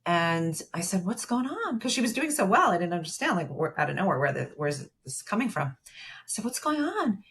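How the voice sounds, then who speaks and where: A woman's voice: fairly low pitch, animated, brisk, fairly bright tone, slight background noise. A woman therapist who is a podcast guest, explaining things at length with many fillers and acting out the dialogue from a client story. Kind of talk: conversational podcast interview.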